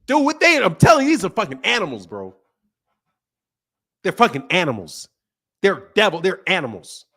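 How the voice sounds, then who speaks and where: A young adult man hosting a boxing livestream, ranting emphatically and profanely, repeating himself and swinging between loud outbursts and quiet mutters. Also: sits high, big pitch swings, normal speed, long pauses, slightly rough. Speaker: boxing channel host. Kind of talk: heated livestream rant.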